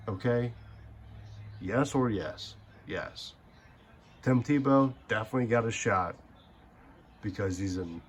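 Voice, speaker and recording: A young man with a low-pitched voice plays through a football video game and rants about players in a heated, rambling, heavily profane way. His voice stays casual but keeps getting fired up. A faint room hum sits under the recording. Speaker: gaming channel host. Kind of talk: casual gaming commentary rant.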